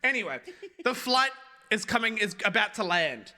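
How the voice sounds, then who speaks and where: A young man doing stand-up on a live stream, with a high, very bright and forceful voice. He tells his story with lots of energy and keeps breaking off to talk to his chat. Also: moderate pace. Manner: animated anecdote with asides to chat.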